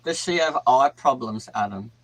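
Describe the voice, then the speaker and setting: A man's voice: mid-range voice, lively intonation, moderate pace, a bit bright, dry recording, poor audio. Brief: rambling, chatty male co-host on a live stream. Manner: chatty, rambling, repeats himself. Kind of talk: casual chat on a live stream.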